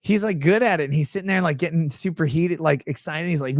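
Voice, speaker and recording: Young man, fairly high voice, rambling crude jokes, dry close mic. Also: fast, no echo. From Minnesota. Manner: rambling, crude and joking, with frequent fillers. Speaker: livestream host. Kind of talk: casual livestream chat reading super chats.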